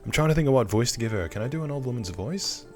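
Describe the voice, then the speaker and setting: A man playing through a story game and talking to himself in a relaxed way as he decides what to say next. His voice is mid-pitched and easygoing. Faint game music plays underneath. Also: fast. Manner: relaxed, thinking aloud, chuckling at himself. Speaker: gaming content creator. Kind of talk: casual game playthrough commentary.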